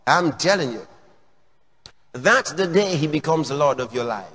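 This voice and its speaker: A male pastor preaches in a high-pitched voice, firing questions at his listeners and leaping from shouts to quiet asides. The sound carries the long reverb of a large church hall. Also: lively intonation, moderate pace. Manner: emphatic, questioning, swings from shouts to low asides. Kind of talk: sermon.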